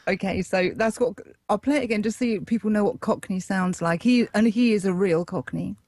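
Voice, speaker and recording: Woman hosting a quiz segment, teasing and brisk, dry close sound. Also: mid-range voice, darkish tone, dry recording. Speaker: quiz presenter. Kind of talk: casual quiz chat.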